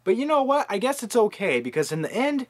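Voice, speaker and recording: A man in his twenties rambling and joking through a casual movie countdown vlog, with lively asides to his viewers. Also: high voice, brisk. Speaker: movie-review vlogger.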